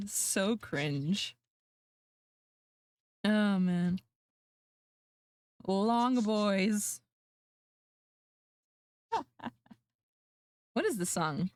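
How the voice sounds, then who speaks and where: A woman's voice: mid-range voice, expressive, drawn-out words, long pauses, darkish tone, no echo, clean studio sound. A woman streamer chatting casually with her viewers, laughing often and mocking herself. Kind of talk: casual livestream chat.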